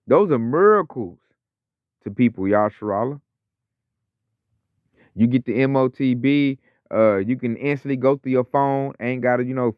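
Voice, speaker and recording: A man's voice: mid-range voice, clean tone, no echo. A man giving an informal scripture lesson in a mid-range voice, talking slangy and loose and mimicking other people's voices as he goes. The recording is dry and a bit muffled, with no room sound. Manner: conversational, slangy, acts out quoted voices. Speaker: religious teacher.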